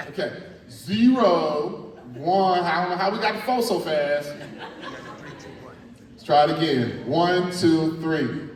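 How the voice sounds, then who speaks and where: A middle-aged man, a spoken word artist giving a lively, playful workshop talk to students in a large school hall. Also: high-pitched, a little slow. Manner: animated and playful, coaching the crowd. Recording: echoey hall from far off.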